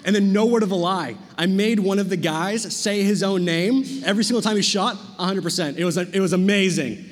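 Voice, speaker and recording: A young man speaking to students, telling a story with lively acted-out dialogue before turning solemn. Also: high voice. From Canada. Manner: slows into quiet, solemn delivery. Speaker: youth speaker. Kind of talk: sermon with storytelling. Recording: long hall reverb.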